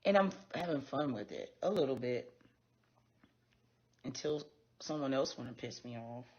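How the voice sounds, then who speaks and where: A woman's voice: extremely low pitch, animated, normal speed, darkish tone, slightly rough. A woman hosting a casual livestream, talking bluntly and with plenty of profanity straight to her viewers. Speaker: livestream host. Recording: dull lo-fi stream audio.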